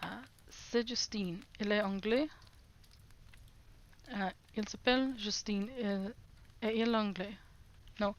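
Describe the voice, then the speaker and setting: Slow-talking giggly woman streamer. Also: mid-range voice, fairly even intonation. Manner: repeats phrases slowly, giggles, greets chat brightly. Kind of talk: casual livestream chat while practicing French.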